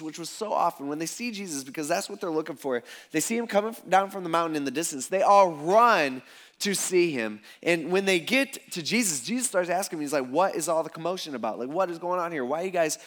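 A man's voice: fairly high pitch, fairly bright tone. A man preaching a sermon in a casual, conversational, jokey way. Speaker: pastor.

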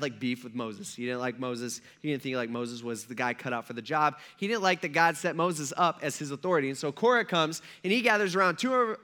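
A male pastor with a fairly high, fairly bright voice delivers a casual sermon. His storytelling is conversational, packed with "like" and voiced quotations.

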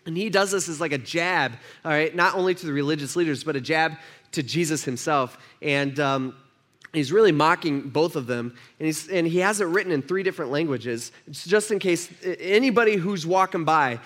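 A man's voice: on the high side, brisk, a bit bright. A man preaching a conversational sermon, acting out the voices he quotes. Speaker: pastor.

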